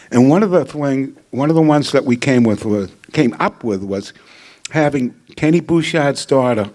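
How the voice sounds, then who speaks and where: A man's voice: mid-range voice, a little mellow. Older man telling jokey stories. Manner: joking anecdotal storyteller. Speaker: hall of fame inductee. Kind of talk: acceptance speech. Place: ceremony hall.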